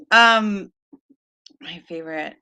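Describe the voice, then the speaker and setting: A woman's voice: medium pitch, pushed and bright. A woman from Pennsylvania with a Pennsylvania accent, hosting a writing livestream in casual, chatty talk with lots of fillers and frequent laughter. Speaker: livestream host.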